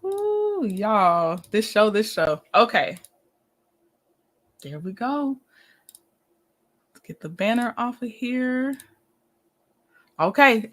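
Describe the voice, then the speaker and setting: Livestream host, woman, bright and somewhat high voice, chatty, laughs easily. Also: animated, slow, long pauses. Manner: chatty, greets viewers by name, laughs often. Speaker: livestream host reviewing a reality show. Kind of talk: casual livestream chat.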